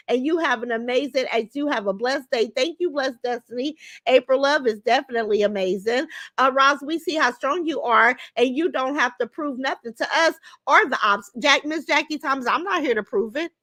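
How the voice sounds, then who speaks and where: A high-pitched, bright-toned woman, talking straight into a close, dry mic. She is a middle-aged livestream host who swears freely and squares up to her rivals while she reads out comments. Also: dry recording. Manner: profane, confrontational, calling out rivals. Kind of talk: unscripted livestream chat.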